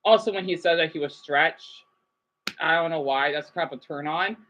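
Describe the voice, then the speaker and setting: A woman's voice: deep voice, moderate pace, muffled recording. A woman vlogger giving rambling, chatty livestream commentary with frequent restarts and check-ins with the audience.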